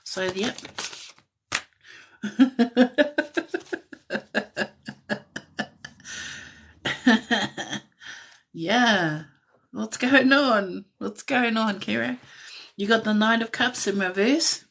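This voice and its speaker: A woman giving a live-stream tarot reading in a soft, musing way that drifts into whispers, with frequent light laughs. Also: a little high, extremely slow, creaky, long pauses, breathy edge. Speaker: tarot reader.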